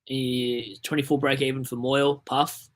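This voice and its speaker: Speaking at normal speed with a level tone, this young Australian man's mid-range voice carries a loose, casual livestream. He wanders from topic to topic and reads viewer comments out loud.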